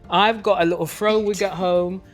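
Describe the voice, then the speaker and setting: A woman's voice: lowish voice, fairly even intonation, normal speed, soft background music. A woman stage actor in a cast round-table chat, talking in an emphatic, expansive way.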